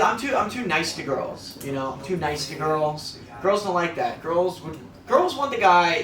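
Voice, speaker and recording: A young man with a high, bouncy voice riffs through a self-deprecating stand-up set, trading quips with the audience. He is heard from a little way off the mic in an echoey club, with a crowd laughing loudly behind him. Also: recorded from a distance. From American Midwest. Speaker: stand-up comedian. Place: comedy club stage. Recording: roomy live club sound, crowd laughter.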